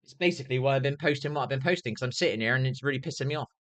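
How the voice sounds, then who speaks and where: A man's voice: mid-range voice, racing, a bit bright. A young man livestreaming an angry, swear-filled rant, often asking "do you know what I mean". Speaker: streamer.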